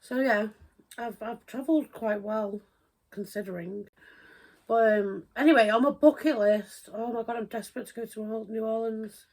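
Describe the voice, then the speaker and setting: A woman with a husky, breathy voice chatting on a podcast. She talks earnestly and rushes through her thoughts in quick bursts. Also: fairly high pitch, a little mellow. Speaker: podcast co-host. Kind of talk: casual chat.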